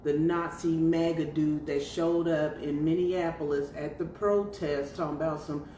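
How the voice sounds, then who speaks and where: A woman's voice: sits low, normal speed. Sassy, profane woman podcast host. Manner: profane, animated, sassy and conversational. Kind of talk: casual commentary monologue. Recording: roomy, distant mic with faint noise.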